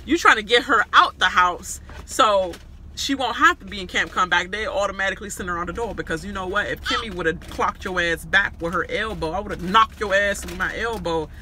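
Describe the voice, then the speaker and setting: Man, high pitch, very bright tone, profane casual recap, animated retelling, faint traffic noise behind. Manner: animated, fast retelling with vivid voices for others. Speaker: reality show recap vlogger.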